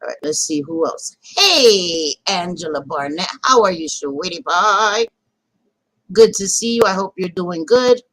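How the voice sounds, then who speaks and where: A woman's voice: fairly low pitch, lively intonation, a little slow, a bit bright, no echo, poor audio. A woman hosting a casual livestream, chatting loosely, swearing and greeting viewers by name. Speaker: livestream host.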